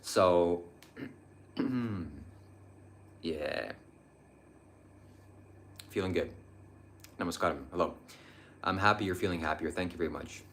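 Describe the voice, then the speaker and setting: Young male live-stream host, low-pitched, earnest, meandering delivery full of ums. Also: slow pace, pauses often, fairly bright tone, a little hiss or hum. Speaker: livestream host answering viewer chat. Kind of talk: casual live-stream talk on spirituality.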